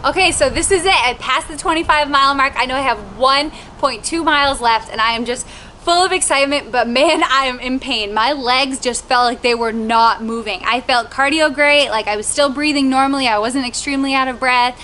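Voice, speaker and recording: A young woman casually recounting her first marathon, animated and acting out what people said. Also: fairly quick, slight background noise. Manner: animated, acts out quotes in a higher voice. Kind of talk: casual storytelling.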